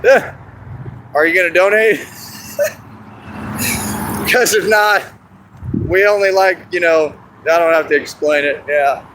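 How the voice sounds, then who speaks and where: A man chatting casually and boastfully on an outdoor livestream, laughing often and going hoarse. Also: sits high, measured pace, pauses often, a bit bright, slight background noise, rough recording. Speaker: street performer in costume. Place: outdoors in a park.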